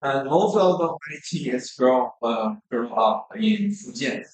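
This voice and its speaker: A man whose first language is Arabic, chatting casually over tea and often halting to search for words. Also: medium pitch, expressive. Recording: echoey room.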